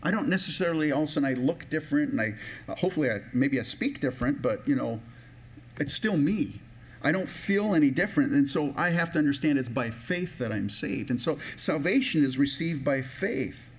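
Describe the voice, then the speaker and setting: A man's voice: on the high side, animated, brisk, slightly rough. A man preaching a sermon in a personal, conversational way, with many restarts and a touch of emotion. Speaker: pastor.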